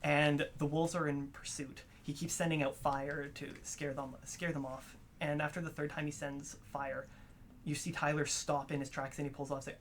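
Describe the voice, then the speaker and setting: A man's voice: a little high, little pitch movement, normal speed, a little hiss or hum. A man narrating a tabletop role-playing game as game master, telling the scene in a storytelling way. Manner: storytelling narration, laughs often with players.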